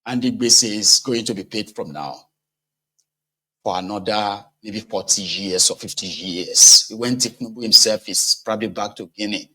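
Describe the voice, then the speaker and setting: A man's voice: fairly low pitch, normal speed, pushed and bright. A man with a Nigerian accent giving casual political commentary, conversational and sarcastic, mixing in pidgin.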